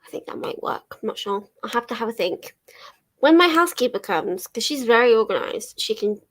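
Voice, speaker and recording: A young woman talks casually to her viewers from her living room. Her voice sits fairly high. She rambles, laughs easily and drops the odd swear word. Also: expressive, a little fast, a bit bright. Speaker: livestream host. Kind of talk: casual chat while reading chat aloud.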